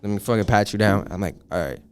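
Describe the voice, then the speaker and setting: An eighteen-year-old man excitedly telling a profane story, acting out the voices of the people in it. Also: on the low side, fast talker, creaky, smooth, no room sound. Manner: animated, profane, acts out voices in his story. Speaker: podcast guest. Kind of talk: casual storytelling.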